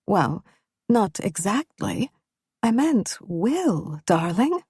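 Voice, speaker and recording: A woman's voice: mid-range voice, sing-song, drawn-out words, darkish tone, breathy edge, no echo, studio quality, full character voice. A woman voicing a worried mother on the phone, speaking in a careful, roundabout way.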